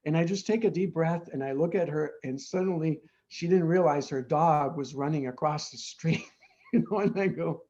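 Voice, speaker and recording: A man explains his views at length as an interview guest, earnest and patient. He keeps checking in with "right?" His voice sits somewhat high, and the recording sounds a little dull. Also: normal speed, dark tone. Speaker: guest, addiction treatment founder.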